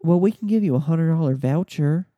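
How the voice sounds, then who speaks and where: A man voicing a flustered female airline desk agent, halting and falling into a high-pitched customer service voice. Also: dry recording, muffled recording, close to an everyday voice. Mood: strained polite.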